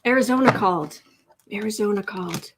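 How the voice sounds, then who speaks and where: A woman hosting a live tarot stream from home, excited and teary, her voice shaky as she chats and laughs. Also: mid-range voice, a little fast, background noise. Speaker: tarot reader host. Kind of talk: emotional live-stream chat.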